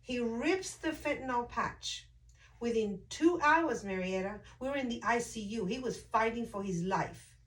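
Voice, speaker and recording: Animated woman telling a story, off-mic. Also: fairly high pitch, a little slow, recorded from a distance, rough recording. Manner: animated storyteller, acts out quoted voices. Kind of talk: casual chat.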